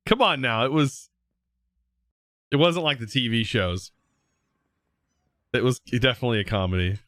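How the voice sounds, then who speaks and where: A young man live streaming, chatting casually with viewers in a relaxed, rambling way full of fillers and restarts. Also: medium pitch, measured pace, long pauses, no echo. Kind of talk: casual chat reading viewer comments.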